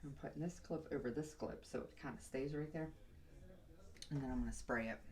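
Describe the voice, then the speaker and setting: A woman's voice: a bass voice, fairly quick, a little mellow. A young woman vlogger telling a long casual story while doing her hair, rambling and chatty, sometimes muttering to herself.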